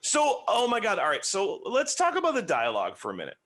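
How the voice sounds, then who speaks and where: A man hosting a podcast, reviewing a film in casual chat and telling it as an animated, joking story. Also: sits high, fast. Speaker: podcast host.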